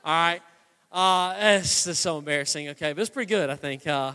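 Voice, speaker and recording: High bright-voiced preacher in a reverberant hall. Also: male voice, fairly quick, clean tone. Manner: animated storytelling, builds to loud passionate preaching. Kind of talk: sermon. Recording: long hall reverb with faint guitar.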